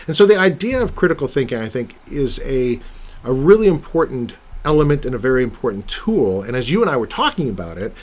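Male podcast host, casual and animated, laughs often; middle pitch. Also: fairly quick.

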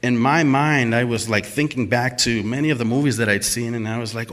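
A man's voice: mid-range voice, a little fast, few pauses, fairly bright tone, slight background noise. A man telling a personal story and acting out the quoted lines, laughing at himself as he goes.

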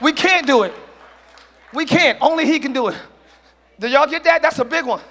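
A man preaching a sermon as pastor to a congregation, using slang and acting out quick quoted voices. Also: very high voice, slight background noise. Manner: preaching with call-and-response and shouted peaks. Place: church hall with congregation.

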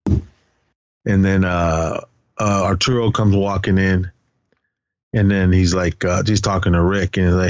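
A man's voice: sits low, steady tone, normal speed, no echo, muffled recording. A man co-hosting a podcast, recapping a film's plot casually, rambling and correcting himself with lots of fillers. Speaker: podcast co-host.

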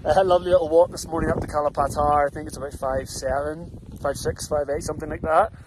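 A man's voice: on the high side, fairly even intonation, fast, rough recording. A man recording a video update outdoors on a mountain trail, chatting in a wry, self-mocking way. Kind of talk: self-shot outdoor vlog clip. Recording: loud wind noise over the mic.

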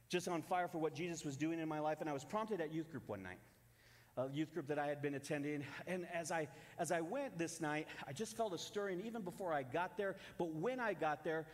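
A young man in his twenties preaching a sermon, telling a personal story earnestly with self-deprecating asides. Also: on the high side. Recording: long hall reverb.

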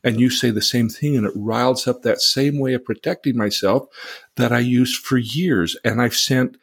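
Middle-aged guy cohosting a podcast, husky voice, earnest teacher vibe, explains stuff step by step. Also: medium pitch, moderate pace. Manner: earnest, explanatory, acts out angry outbursts. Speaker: podcast co-host. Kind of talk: conversational teaching talk.

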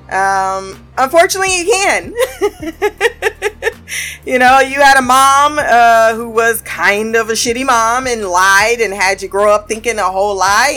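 A woman giving a casual, profane recap of a TV episode. She laughs often and talks in an animated way. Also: on the high side. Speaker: show reviewer.

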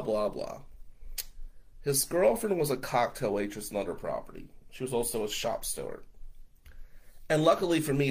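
A man spins a casual personal story, his pitch swinging up and down as he goes. His voice is bright and forward, and he swears freely in a loose, chatty way. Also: slightly rough. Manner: animated, profane, conversational with frequent "right?".

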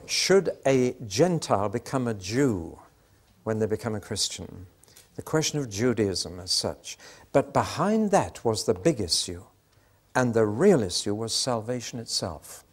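An older British man preaching a sermon, telling stories and acting out the voices in the exchanges he recounts. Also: mid-range voice. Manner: storytelling, acts out quoted exchanges.

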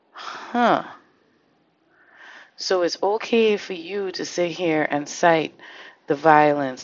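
Fervent gravelly male podcast host. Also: fairly high pitch. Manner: fervent, full of rhetorical questions, swears now and then. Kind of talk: impassioned social commentary monologue. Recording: slightly dull lo-fi recording.

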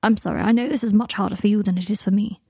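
A woman voicing a proud but fragile young wizard man in a storybook reading, with clipped, slow, dry delivery. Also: mid-range voice, fairly even intonation, gravelly, warm tone, husky, no room sound. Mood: guarded.

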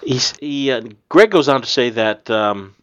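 A man's voice: mid-range voice, animated, a little slow, a bit bright, clear, resonant tone, no echo. A man hosts a casual podcast and reads listener emails aloud with a chatty, easygoing manner. He laughs often between lines. The sound is dry and a little dull. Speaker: podcast host. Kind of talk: casual chat, reading listener mail.

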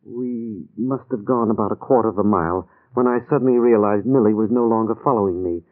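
An actor playing a nervous, shaken husband recovering in hospital, in 1940s radio acting. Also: male voice, on the low side, brisk, natural voice. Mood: anxious. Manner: nervous, apologetic. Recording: tinny old radio recording.

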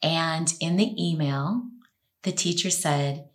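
Animated, low-voiced woman telling a personal story. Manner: animated, expressive storyteller with quick laughs. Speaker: guest.

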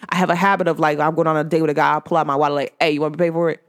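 A woman's voice: low-pitched, rapid-fire. Chatty woman hosting a spiritual podcast. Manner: animated storytelling, filler-heavy with frequent "like". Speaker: podcast host. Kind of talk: casual spiritual chat.

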